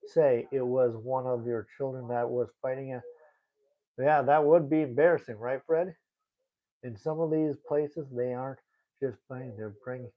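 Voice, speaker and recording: A young man livestreaming in a casual, rambling way, reading chat and talking indignantly. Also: medium pitch. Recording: tinny phone-like audio.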